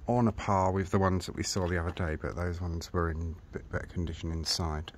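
Deep-voiced London man vlogging outdoors. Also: fairly even intonation, fairly quick. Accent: London English. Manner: chatty, rambling, friendly sign-offs. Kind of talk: casual walking vlog to viewers. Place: outdoors at a coastal holiday park. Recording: loud outdoor noise.

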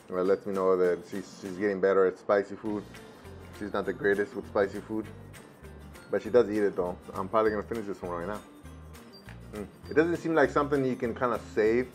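Guy with a lowish voice tasting snacks, easygoing, kinda talking while he chews, faint music behind. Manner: relaxed, thinking aloud while chewing; switches between English and Spanish with a child. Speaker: food reviewer. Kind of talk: casual taste-test vlog.

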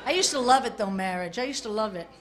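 A woman's voice: medium pitch, lively intonation, quick pace. A woman doing crude, brash stand-up comedy on a club stage, heckling the audience. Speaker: stand-up comic. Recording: live club recording with crowd laughter and noise.

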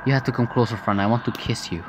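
A man's voice: mid-range voice, quick pace, slight background noise, lightly acted. A man voicing a creepy fake-mother monster. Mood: creepy coaxing. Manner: sweetly coaxing, then threatening. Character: false mother monster, cooing then menacing.

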